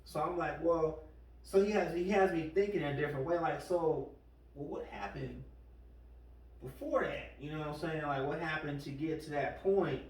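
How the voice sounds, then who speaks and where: A man's voice: fairly high pitch, normal speed. Male podcast host, loose rambling delivery, recorded off-mic in a roomy space. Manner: rambling, retells stories with quoted voices. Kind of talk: casual podcast chat. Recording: echoey room, far from the mic.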